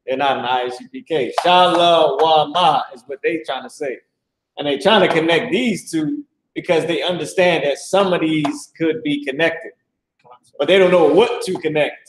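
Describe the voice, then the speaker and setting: A man with a fairly high voice teaches a live religious lesson, emphatic and mocking. He drills pronunciation by repeating words again and again. The sound is roomy and echoey. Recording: echoey room.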